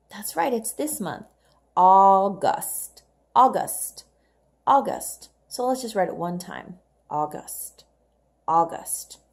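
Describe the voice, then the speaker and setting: A woman walks young learners through their homework in a slow, measured voice. She speaks each word clearly and repeats it so the children can follow along, with the patient cadence of a classroom teacher. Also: mid-range voice. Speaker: English teacher.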